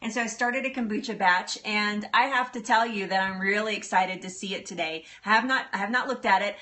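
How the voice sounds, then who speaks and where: A woman's voice: medium pitch, brisk, sharp tone. Bubbly, giggly woman streaming live. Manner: bubbly, giggly, answers viewer comments. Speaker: livestream host. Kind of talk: casual live-stream chat.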